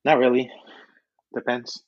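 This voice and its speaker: A man's voice: medium pitch, level tone, unhurried, no echo, lo-fi sound. Joking, foul-mouthed man on a podcast. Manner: joking, profane, rambling. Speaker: podcast guest. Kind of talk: casual chat.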